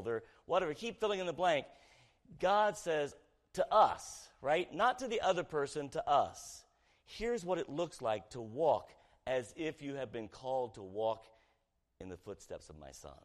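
A man preaching a sermon as pastor, talking conversationally with the congregation, asking them questions and swinging between loud emphatic lines and hushed ones. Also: mid-range voice.

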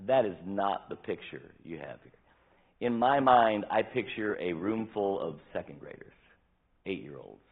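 A male pastor preaching a sermon with animated delivery, acting out scripture quotes, his voice tiring. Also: fairly low pitch, unhurried, breathy edge, phone-quality sound. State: voice tiring, dry throat. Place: church sanctuary.

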